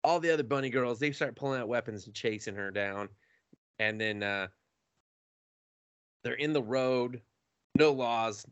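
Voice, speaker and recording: A man co-hosting a podcast, casually retelling an anime episode with swearing, laughter and quick acted-out voices. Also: mid-range voice, no room sound, lo-fi sound. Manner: animated storytelling with swearing and laughter, acting out characters. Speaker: podcast co-host.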